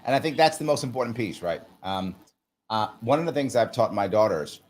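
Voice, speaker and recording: A man's voice: expressive, fairly quick, darkish tone. A man in his forties from the United States, a management consultant talking as a podcast guest, emphatic and fond of acting out little exchanges. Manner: emphatic, acts out little dialogues with rising pitch. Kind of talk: casual conversation.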